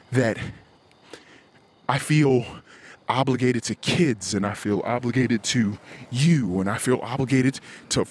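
A man's voice: medium pitch, breathy edge. A man hosting a podcast, talking in a blunt, heated, profane rant with lots of restarts. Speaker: podcast host. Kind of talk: casual podcast monologue.

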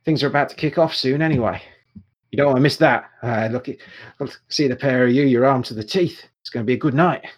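A man narrating a tabletop game as game master, chatty and excitable when talking with players. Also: medium pitch, fast, lo-fi sound.

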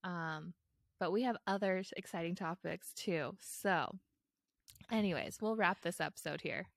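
Young woman musing in a low, dry voice. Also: unhurried, creaky, dry recording. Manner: reflective, lots of fillers, laughs easily. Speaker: podcast co-host. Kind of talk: casual chat.

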